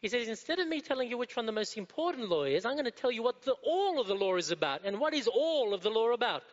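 A male preacher delivers a sermon, throwing rhetorical questions out to the congregation and driving his points home through repetition. His voice sits high for a man. The recording is dull and muffled, with a long reverb trailing off in a hall. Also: expressive, fairly quick.

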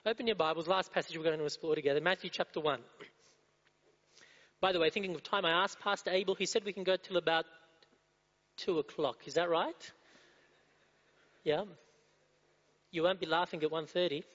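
A male preacher with a voice high for a man delivers a sermon, posing rhetorical questions to the congregation and hammering points home through repetition. He's brisk and steady in tone, a bit bright, with long pauses. The recording is dull and muffled, with long reverb trailing through a hall.

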